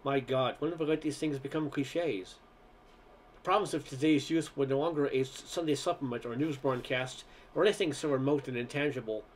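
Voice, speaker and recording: A man's voice: mid-range voice, fairly quick, slight background noise. A man reading a short story aloud, narration and dialogue in one voice, stumbling and restarting on some words. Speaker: amateur reader.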